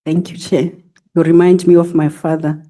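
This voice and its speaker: A middle-aged woman, giving formal testimony to a committee as a senior police officer, in a measured, halting way with filler sounds. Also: lowish voice, little pitch movement, mellow.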